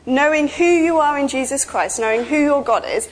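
Chatty woman preaching, slightly high voice. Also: normal speed, a little hiss or hum. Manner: chatty, animated storytelling with asides. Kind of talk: informal sermon.

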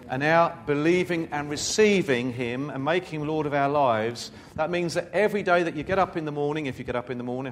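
A man preaching a sermon in a fairly high voice. He reads scripture aloud and keeps stepping out of it for relaxed, conversational asides to the congregation. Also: a little hiss or hum.

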